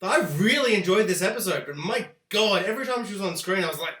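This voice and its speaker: A man hosting a spoiler review of a TV show, ranting with animated, profane exaggeration. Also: sits high, fast. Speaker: TV review host. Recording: echoey room.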